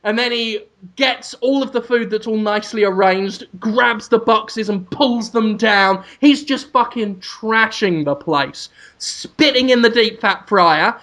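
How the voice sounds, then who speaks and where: A man hosting a podcast, rambling through an absurd comic pitch with amused energy. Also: measured pace, bright, forceful tone. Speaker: podcast host. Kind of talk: comedic storytelling.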